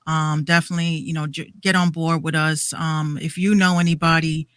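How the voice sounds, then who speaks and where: Podcast host, woman in her 30s, bright dry voice, heated swearing rant. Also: low-pitched, flat delivery, a little fast, dry recording. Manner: heated, repetitive, swearing rant with many restarts.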